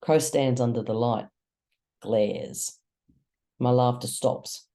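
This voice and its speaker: A reader narrating a first-person novel chapter slowly, with measured dramatic pauses. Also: mid-range voice, gravelly, mellow. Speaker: audiobook narrator.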